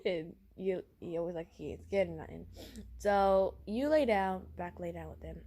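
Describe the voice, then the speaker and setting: A woman's voice: on the low side, moderate pace, mellow. A woman casually telling a role-play story to her listener, rambling with many fillers and giggles.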